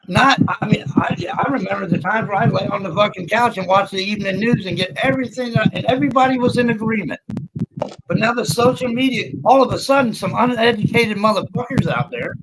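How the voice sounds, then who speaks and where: A middle-aged man with a high-pitched voice hosts a livestream, ranting bluntly and with plenty of profanity as he keeps restarting his sentences. Background noise runs through the clip.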